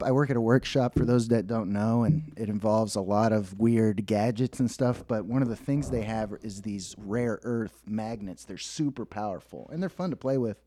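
A man's voice: mid-range voice, warm tone, no room sound. A man co-hosting a podcast, telling rambling stories in casual chat, laughing at himself and acting out quotes. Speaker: podcast co-host.

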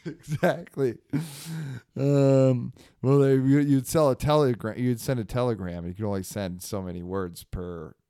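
Podcast co-host, male, from Northern California, smooth resonant voice, dry close sound, loose jokey chat. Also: mid-range voice, steady tone, unhurried, no echo. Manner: bursts into loud exaggerated character voices. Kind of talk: casual comedic chat.

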